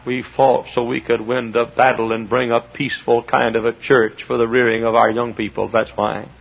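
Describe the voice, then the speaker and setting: Baptist pastor man preaching hard, quiet asides then big shouts, muffled old recording. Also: flat delivery, moderate pace, gravelly. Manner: impassioned, swinging from low asides to shouts. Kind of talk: sermon. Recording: dull lo-fi recording.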